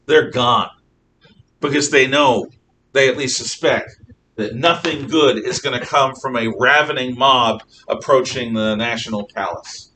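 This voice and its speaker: A man teaching a history class, telling the story in an animated, storytelling way and often clearing his throat. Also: medium pitch, unhurried. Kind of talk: classroom lecture. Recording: distant mic with faint noise.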